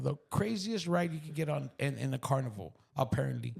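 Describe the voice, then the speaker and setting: A man with a South Texas accent telling an emotional personal story on a podcast, raw and profane, dropping to hushed whispers and then bursting out loud. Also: medium pitch, animated, fairly quick, creaky, few pauses, breathy edge. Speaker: podcast guest.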